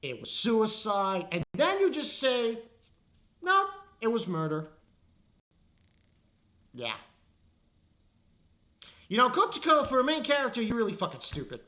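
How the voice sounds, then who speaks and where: A woman's voice: fairly high pitch, sing-song, normal speed, long pauses, bright, forceful tone. A woman reviewing an anime in a casual rant, exasperated and swearing freely.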